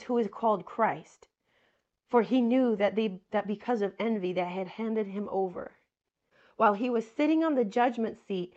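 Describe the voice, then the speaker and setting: A woman's voice: medium pitch, a little mellow. Earnest woman preaching, dull lo-fi sound. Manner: earnest, repeats phrases for emphasis, addresses listeners as my friends. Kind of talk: sermon reading and explaining scripture.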